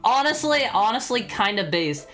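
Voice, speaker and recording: A man's voice: sits high, big pitch swings, moderate pace, pushed and bright, soft background music. A young man streaming from home, chatting casually with his chat, stammering and laughing often as he reads messages. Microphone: studio microphone.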